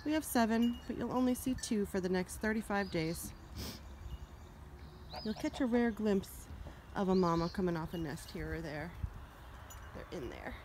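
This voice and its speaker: A woman's voice: lively intonation, normal speed, pauses often. Chatty woman cooing at farm animals. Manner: chatty, coos at animals in a high sing-song voice. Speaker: farmer vlogger. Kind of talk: casual walk-around vlog. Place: outdoors on a farm. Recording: loud outdoor noise with animal sounds.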